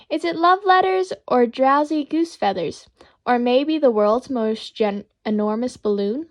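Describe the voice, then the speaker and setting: A woman reading children's poems aloud in a playful, expressive, sing-song way. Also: on the high side.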